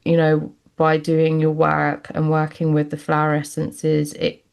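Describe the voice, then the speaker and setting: A woman's voice: sits low, completely flat delivery, a little slow, vocal fry, darkish tone, clean tone. A woman hosting a podcast, talking in a reflective way with many fillers. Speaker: podcast host. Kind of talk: casual interview chat.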